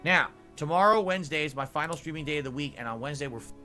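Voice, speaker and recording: Brisk male streamer over music. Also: bright, forceful tone. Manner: brisk and upbeat, pitching for support. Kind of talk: channel update to viewers.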